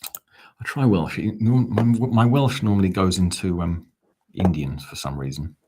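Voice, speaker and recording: Low-voiced man chatting through a watch-along. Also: unhurried, background noise. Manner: chatty, reads out viewer comments, dry asides. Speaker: fan commentator, watch-along host. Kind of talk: live-stream watch-along chat.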